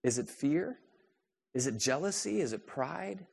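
Male pastor, sermon delivery, rhetorical questions, soft to raised. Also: on the high side, expressive, a little slow, vocal fry, breathy edge.

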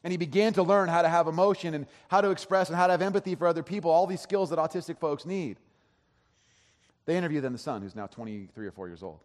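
A man's voice: a little high, fast. A man giving a sermon as pastor, telling a story in a conversational way with frequent restarts. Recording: long hall reverb.

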